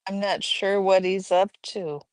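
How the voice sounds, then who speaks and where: A woman hosting a casual livestream at home, chatting and reading out viewers' messages in a relaxed way. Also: medium pitch, unhurried, clear, resonant tone, no room sound. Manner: relaxed, reads chat aloud, chatty asides. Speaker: livestream host. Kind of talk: casual chat with live chat.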